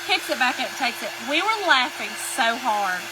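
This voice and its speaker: A woman's voice: high-pitched, sing-song, normal speed. A woman, telling a folksy story in a chatty way while she crafts and greets viewers during a live stream. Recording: hair dryer noise in background.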